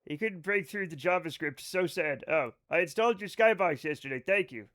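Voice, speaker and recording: Male streamer, high-pitched, excitable and joking, live gameplay commentary. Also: fairly quick. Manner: excitable, joking, swears, laughs often.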